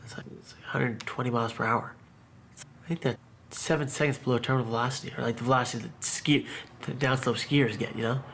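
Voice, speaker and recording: A man giving a personal testimony about surviving a suicide attempt, telling it in a halting, emotional way with many restarts. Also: mid-range voice, fairly even intonation, gravelly, fairly bright tone, slight background noise. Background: background music.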